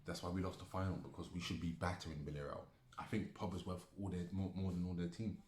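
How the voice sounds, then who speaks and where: Deep-voiced man in a heated football rant. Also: flat delivery, quick pace, darkish tone, slight background noise. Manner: repetitive, heated, swearing. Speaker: football fan commentator. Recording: echoey room.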